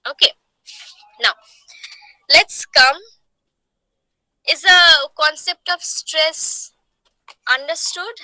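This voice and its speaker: A woman with an Indian English accent lectures her class at an unhurried pace. Her voice sits high and sounds very bright. The recording is dry and close. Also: no room sound, rough recording. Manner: explains slowly, repeats points, asks the class questions. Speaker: English teacher. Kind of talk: online lecture.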